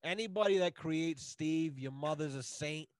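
Man, high pitch, dry close sound, heated profane podcast rant. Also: normal speed, dry recording. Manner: loud, swearing, heated. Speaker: podcast guest.

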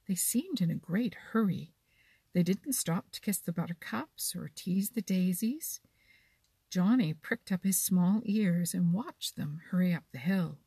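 A woman reads a children's storybook gently, at a slow pace. Her voice is low, husky and gravelly. The recording is dry and close to the mic. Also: animated, no room sound.

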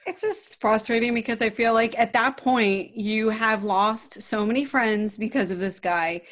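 A woman's voice: fairly high pitch, a little slow, fairly bright tone. Exasperated woman in casual chat. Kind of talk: casual chat recapping a reality show.

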